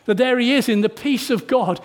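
A man preaching a sermon in church, asking the congregation rhetorical tag questions and shifting between hushed and emphatic delivery. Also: very high voice, fairly quick.

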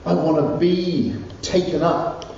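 A man's voice: a little high, animated, slow pace, gravelly, warm tone, a little hiss or hum. A male pastor preaching a fervent, repetitive sermon in a church. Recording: echoey church hall from far off, dull.

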